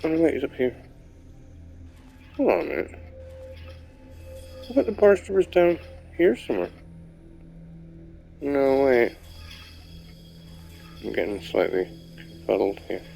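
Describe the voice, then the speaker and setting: A man's voice: mid-range voice, expressive, unhurried, gravelly, long pauses, warm tone, poor audio. A young man giving casual, rambling commentary while playing a video game, swearing now and then. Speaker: gamer. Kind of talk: casual let's-play commentary. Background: game music.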